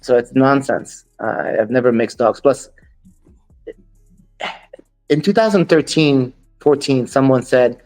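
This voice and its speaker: A man's voice: mid-range voice, moderate pace, a little mellow, faint music behind. A man as an interview guest, a dog breeder, talking bluntly and quoting others as he tells his stories. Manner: blunt, dismissive of critics, quotes others in dialogue. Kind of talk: storytelling interview.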